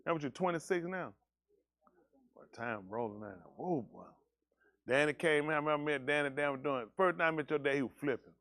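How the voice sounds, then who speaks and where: A man's voice: fairly high pitch, fairly quick, a bit bright. A man leading a congregation, bantering casually and teasing people in a joking, folksy way.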